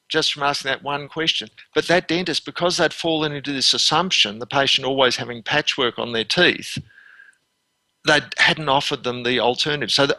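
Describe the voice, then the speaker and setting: Bright-voiced Australian man in his fifties. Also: mid-range voice, creaky, no room sound. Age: 50s. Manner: earnest, anecdotal, frequent restarts. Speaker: dentist and consultant guest. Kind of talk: conversational interview.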